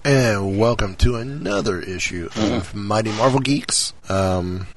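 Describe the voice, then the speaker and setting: Low husky guy hosting a podcast, rambly, lots of ums and restarts. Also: measured pace. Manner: rambling, many fillers and restarts. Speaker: podcast host. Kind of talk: casual podcast chat.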